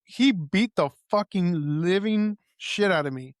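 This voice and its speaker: A young man with a fairly high voice tells a story in a loose, animated way, with plenty of swearing along the way. He co-hosts a casual podcast, and the sound is dry and close to the mic. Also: measured pace, dry recording. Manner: animated storyteller, heavy swearing, acts out quotes. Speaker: podcast co-host.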